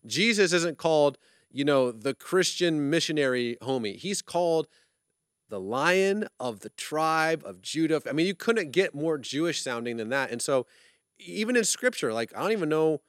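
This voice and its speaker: Animated, enthusiastic male host. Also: fairly high pitch, normal speed, dry recording, clean studio sound. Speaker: interview host. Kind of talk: casual chat.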